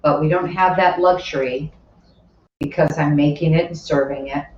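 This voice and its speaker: A woman's voice: low-pitched, fairly even intonation, moderate pace, a little mellow. A woman teaching a live cooking class in her kitchen, chatty, explaining each step and adding asides as she works. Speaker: cooking instructor. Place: home kitchen. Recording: roomy, distant, dull sound with faint kitchen noise.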